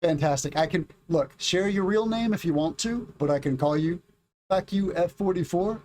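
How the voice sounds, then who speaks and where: A middle-aged American man with a high voice and darkish tone hosts a casual English lesson on a livestream, reading chat and slowly, clearly drilling pronunciation. There is slight background noise.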